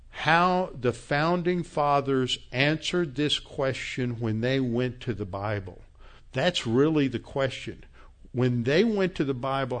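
A male pastor preaching from scripture at an ordinary pitch. He speaks emphatically and works up to angry scolding, then settles back into steady teaching. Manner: quotes scripture references. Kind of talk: sermon.

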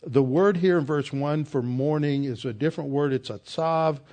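A man's voice: fairly high pitch, normal speed, mellow. Earnest man preaching a Bible sermon. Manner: emphatic, earnest teaching.

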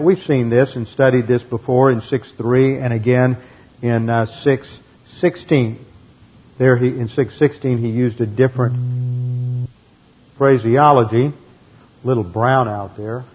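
A man gives a patient, methodical Bible lecture, explaining terms and sometimes restarting his sentences. His voice is husky and mid-pitched. The recording sounds muffled and lo-fi. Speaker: Bible teacher. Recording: dull lo-fi recording.

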